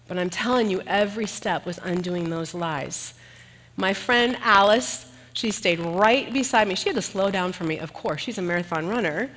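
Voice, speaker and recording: A woman giving a sermon in an earnest way, turning lively and animated when she tells a personal story. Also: mid-range voice, normal speed. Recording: long hall reverb.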